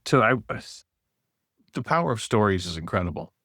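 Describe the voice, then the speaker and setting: Animated male storyteller, dry sound. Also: on the low side, moderate pace, dry recording. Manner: animated storyteller, acts out quoted voices. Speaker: podcast guest, author and speaker. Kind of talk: casual storytelling conversation.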